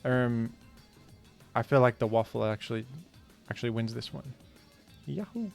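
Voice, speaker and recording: A man streaming a food guessing game, talking casually with animated, incredulous outbursts. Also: medium pitch, moderate pace, vocal fry, soft background music. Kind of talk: casual gaming commentary.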